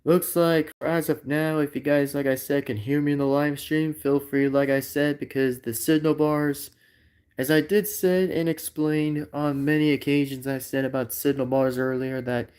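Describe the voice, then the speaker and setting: A man's voice: on the high side, flat delivery, moderate pace, a little mellow. A man chatting on his live stream, rambling and repeating himself with lots of filler phrases. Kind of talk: unscripted live stream chat.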